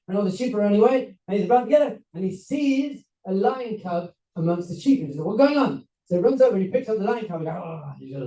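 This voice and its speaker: A man with a somewhat high but very dark, mellow voice lectures to a seminar crowd, telling a story with lively acted-out voices. He sounds some distance from the mic, in a roomy, echoing hall. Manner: animated, acts out characters with voices and laughs. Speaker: rabbi giving a seminar talk.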